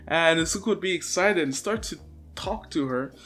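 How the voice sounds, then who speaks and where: A man's voice: fairly high pitch, lively intonation, moderate pace, a bit bright, faint music behind. A young man casually narrating a fan story, rambling and giggly. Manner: rambling, giggly, self-conscious. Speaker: video storyteller.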